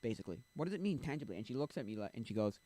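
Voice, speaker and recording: A man's voice: mid-range voice, sing-song, racing, warm tone, low-quality recording. A man streaming and chatting casually, rambling and blunt, full of restarts and asides to his chat. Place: home streaming setup.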